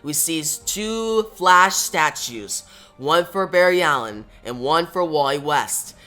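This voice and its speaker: A man recapping a comic book story in a casual, plain way, moving from scene to scene with "now". His voice is bright and forceful and sits a little high. Faint music plays behind him. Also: lively intonation, slow pace, smooth.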